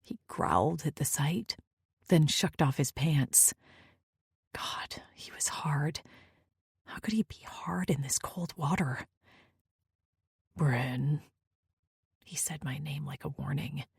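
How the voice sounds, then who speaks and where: A woman's voice: sits low, unhurried, creaky, husky, no echo, studio quality. A woman narrating a first-person romance audiobook in an intimate, often near-whispered manner.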